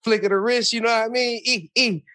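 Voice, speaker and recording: Slangy laid-back man, high voice. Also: fairly even intonation, brisk, sharp tone, no echo, studio quality. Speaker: co-host. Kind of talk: casual chat.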